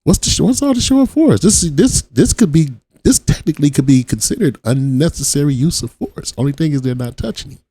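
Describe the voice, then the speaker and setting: A man's voice: a little high, animated, brisk, few pauses, warm tone, slightly rough, dry recording. A man from Watts giving blunt, profane reaction commentary on a video as the channel host. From Watts, Los Angeles. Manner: blunt, profane street talk.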